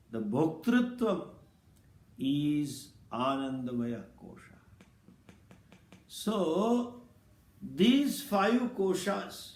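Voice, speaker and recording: Slow, high-voiced male spiritual teacher. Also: reverberant. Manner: slow, deliberate teaching with Sanskrit terms. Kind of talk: scripture lecture.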